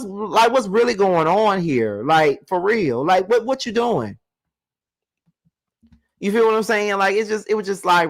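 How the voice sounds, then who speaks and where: A man's voice: high voice, a bit bright. A man giving a live reality TV recap, ranting to his viewers with lots of profanity. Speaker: TV show reviewer.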